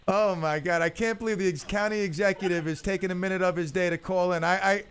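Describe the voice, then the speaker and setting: Talking fast in a steady, fairly bright, high-sitting voice, a fifty-something radio host banters casually at his studio mic. His jokey stories meander, full of false starts and restarts.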